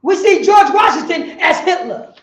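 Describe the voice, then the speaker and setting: Woman street preacher, pretty high voice, lots of why this why that, yells now and then, echoey sound. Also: lively intonation, normal speed. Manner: rhetorical questions, bursts of shouting.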